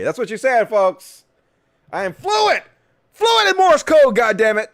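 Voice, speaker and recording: A man's voice: very high-pitched, sing-song, unhurried, no room sound. Sarcastic, swearing male show host. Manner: profane, sarcastic ranting. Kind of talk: political commentary show.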